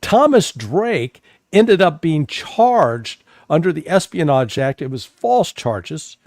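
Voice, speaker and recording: A man's voice: fairly high pitch, sing-song, slow pace, a little mellow, dry recording. Emphatic man, dry close sound. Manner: emphatic, repeats words when starting. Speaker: guest analyst. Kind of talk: political interview commentary.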